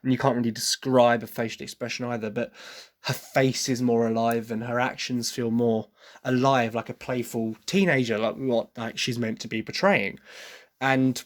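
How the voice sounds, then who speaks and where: A man with an English accent hosting a podcast, giving his opinions in a casual monologue from his desk, thinking aloud with restarts and quick apologies. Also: medium pitch, steady tone. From Britain. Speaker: podcast host. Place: at a desk with written notes.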